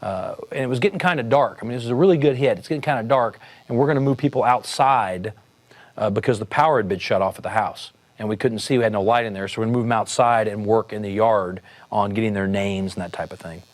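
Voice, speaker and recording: A man, a police sergeant, telling a story in a relaxed, conversational way with frequent fillers and restarts. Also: lowish voice, quick pace. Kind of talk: storytelling talk.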